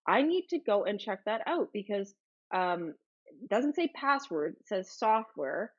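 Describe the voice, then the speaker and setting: The audio is dull, but this livestream host's mid-range voice is very animated, though her pace stays measured. She reads viewer comments in a casual, bubbly way, full of exclamations.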